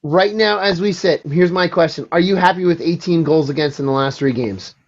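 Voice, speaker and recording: A man's voice: a little high, a little fast, highs cut off. A man co-hosting a sports podcast, pressing the same questions again and again and venting frustration. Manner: insistent, repeats his questions, frustrated fan. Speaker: podcast co-host. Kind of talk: casual sports chat.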